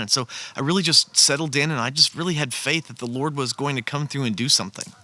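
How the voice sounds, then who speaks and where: Bright-voiced male storyteller, earnest and conversational, recorded outside by a fire. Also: medium pitch, fast talker, hardly any pauses. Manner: earnest, conversational, with frequent restarts. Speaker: storyteller sharing a personal testimony. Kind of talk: casual spoken storytelling. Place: outdoors beside a campfire.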